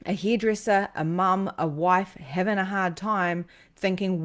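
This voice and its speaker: A woman's voice: on the low side, a little slow. A woman hosting a livestream as a psychic medium, telling a personal story in an emotional, rambling way with lots of ums and restarts.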